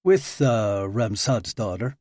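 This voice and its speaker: A man's voice: on the low side, takes it slowly, darkish tone, no echo, studio quality. A man voicing a cocky agent in his mid-twenties who talks in a brash, joking way.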